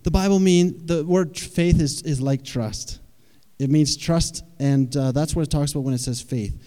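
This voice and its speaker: Guy giving a sermon, talks to the crowd like a chat, kinda high voice, long echo from the hall. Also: normal speed, mellow. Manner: conversational, asks the audience questions. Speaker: preacher.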